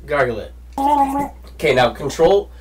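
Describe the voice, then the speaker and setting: A man's voice: a little high, wildly swooping pitch, slow, recorded from a distance, a crowd in the background. A man with a cold, hosting a casual comedic chat and playfully coaching his guest. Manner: jokey, gives playful coaching. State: has a cold. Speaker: show host.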